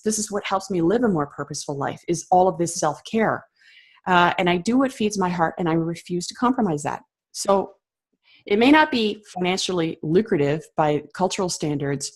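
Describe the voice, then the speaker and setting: Woman, interview guest, passionate and emphatic delivery, reflective with fillers. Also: medium pitch. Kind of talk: conversational interview.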